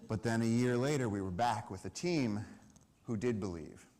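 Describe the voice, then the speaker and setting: A man telling an animated story at a live conservation event, acting out the lines of the people in it. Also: mid-range voice, normal speed, slight background noise. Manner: lively storyteller, acts out dialogue and shouts. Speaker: conservation speaker.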